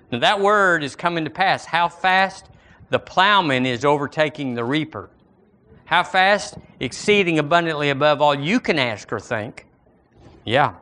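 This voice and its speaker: Folksy Southern pastor preaching. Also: male voice, fairly high pitch, a bit bright. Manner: folksy, rising into emphatic scripture reading. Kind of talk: sermon.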